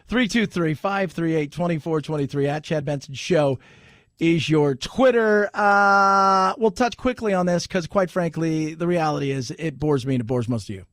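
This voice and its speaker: A man hosting a talk radio show, ranting sarcastically and breaking into sudden shouts. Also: a little high, a little slow, dry recording, clean studio sound. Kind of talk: opinionated talk radio rant.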